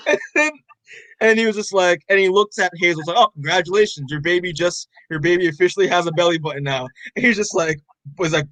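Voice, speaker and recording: A man's voice: sits high, fairly quick, fairly bright tone, dry recording, poor audio. A young man co-hosting a podcast, casually recapping a comic in a rambling way full of fillers and swearing. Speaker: podcast co-host.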